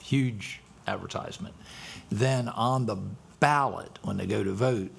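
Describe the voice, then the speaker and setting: A man's voice: lowish voice, measured pace, gravelly, husky. A man advising a county council, explaining the ballot steps plainly at a work session. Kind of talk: meeting discussion.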